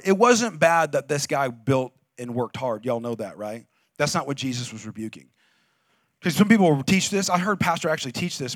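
A man preaching a sermon as a pastor, in a conversational, emphatic way with lots of "like", rising at times to shouts. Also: fairly high pitch, expressive, fairly quick, no room sound, clean studio sound. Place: church.

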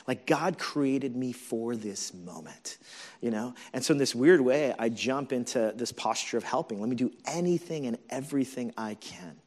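A man's voice: mid-range voice, animated, moderate pace, a little mellow. A man in his forties, a pastor, preaching a sermon in a candid, conversational storytelling way with many fillers.

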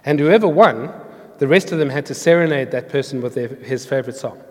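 A man's voice: medium pitch, a little fast, a little mellow. A man preaching a sermon in an earnest, storytelling way, explaining words of scripture. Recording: long hall reverb.

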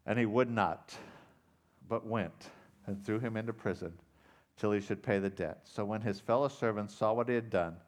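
A man preaching a sermon as pastor, retelling a parable with dramatic emphasis that swings from loud to quiet. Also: lowish voice, normal speed. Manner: dramatic storytelling, loud rising emphasis then quiet intensity.

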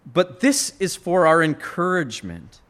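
A man's voice: fairly high pitch, very animated, a little slow, fairly bright tone. A man preaching a sermon, earnest and expository, rising to emphatic peaks and often restarting his words. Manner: frequent restarts and repeated words.

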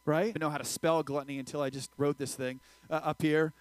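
A man preaching a casual sermon to a youth group, energetic and joking, talking straight to the crowd. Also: a little high, fast talker, dry recording, rough recording. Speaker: youth pastor.

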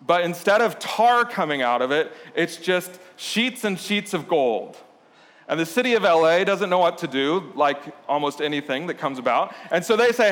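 A man preaches a sermon in a relaxed, conversational tone, slipping into playful storytelling. His voice sits a little on the high side. Long reverb from a church hall trails every phrase. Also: normal speed. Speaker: pastor.

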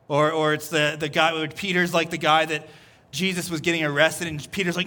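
A man's voice: on the high side, steady tone, brisk, sharp tone. A male pastor preaching a sermon in a loose, chatty storytelling way. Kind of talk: casual conversational sermon.

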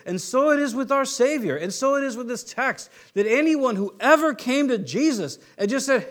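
High-voiced man preaching conversationally. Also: animated, moderate pace, few pauses, a bit bright. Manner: conversational teaching with rhetorical questions and restarts. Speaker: pastor. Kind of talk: sermon.

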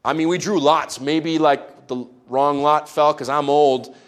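A man voicing an old male priest who speaks in a hesitant, halting way. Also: on the high side, steady tone, natural voice.

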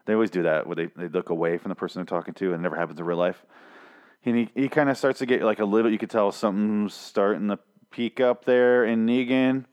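A man's voice: on the low side, quick pace, a little mellow, smooth. A man casually recapping a TV episode, rambling and swearing, with sarcastic asides.

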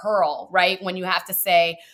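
A woman coach talking in a podcast conversation, animated and expressive, acting out little quotes as she speaks. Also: fairly low pitch, measured pace. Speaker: guest coach.

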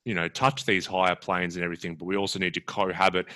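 A man's voice: low-pitched, steady tone, quick pace, fairly bright tone. A man chatting casually in a reflective, thoughtful way about working with clients. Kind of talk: casual podcast conversation.

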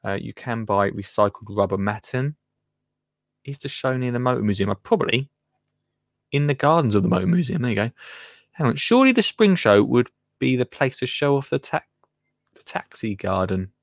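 A man's voice: medium pitch, expressive, moderate pace, vocal fry, dry recording, clean studio sound. A man from England hosting a live show, chatting casually and rambling as he reads out listener comments, laughing often and trailing off into mutters. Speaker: radio show host.

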